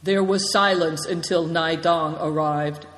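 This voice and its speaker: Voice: mid-range voice, steady tone, measured pace, fairly bright tone. Narrator reading in an echoey room. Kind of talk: audiobook narration. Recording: echoey room with long reverb.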